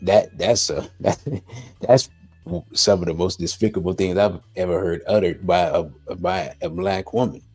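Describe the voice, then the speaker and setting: A man hosting a casual discussion, reacting with relaxed short remarks. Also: low voice, unhurried, slightly rough, soft background music. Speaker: host.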